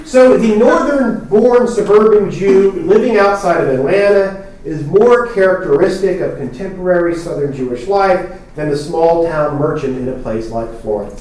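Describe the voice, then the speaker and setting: A man's voice: on the high side, a little mellow, slight background noise. Guy reading his lecture w/ ums and dry jokes, big echoey room, mic way off. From New Jersey. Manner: reads prepared text, with fillers and self-deprecating asides. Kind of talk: academic lecture. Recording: very echoey hall, speaker far from mic.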